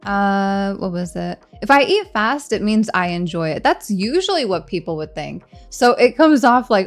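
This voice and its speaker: Woman streamer chatting + eating on stream, teasing, laughs a lot, mid pitch, quiet music behind. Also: animated, normal speed, few pauses. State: hungry, eating during stream. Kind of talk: casual live-stream chat.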